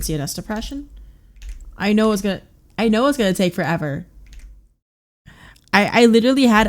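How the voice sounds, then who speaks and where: A woman with a somewhat low voice reads flashcard answers aloud on a live study stream. She mutters clipped drug facts, stalling on fillers as she works through each card. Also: darkish tone.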